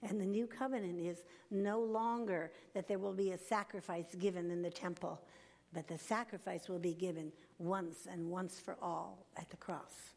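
A woman's voice: fairly low pitch, fairly even intonation, creaky, darkish tone. Older woman giving an earnest devotional talk. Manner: earnest, slow and emphatic, drops to a whisper at times. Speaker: speaker.

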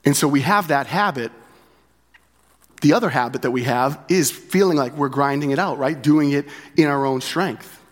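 A pastor with a slightly high voice preaches at a moderate pace, keeping it conversational. He leans on repeated key phrases and frequent tag questions like "right?"

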